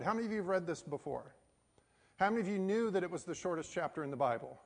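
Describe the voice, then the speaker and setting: Preaching with a high-pitched, creaky voice, lively intonation and a fast pace, this middle-aged pastor from the United States folds a personal story into his sermon. He's folksy and uses many fillers, and hall reverb colors the recording.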